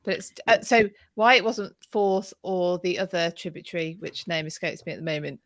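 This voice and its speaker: A woman's voice: fairly low pitch, moderate pace, no echo. A woman co-hosting a history livestream, thinking aloud in an easygoing way over a video call. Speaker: history podcast co-host. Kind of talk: casual livestream chat.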